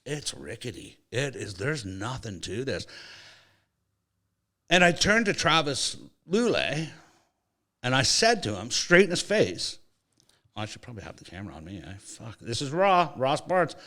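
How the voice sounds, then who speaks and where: A sports podcast host with a medium-pitched voice tells a casual anecdote at a measured pace, animatedly swearing and acting out the voices of those quoted.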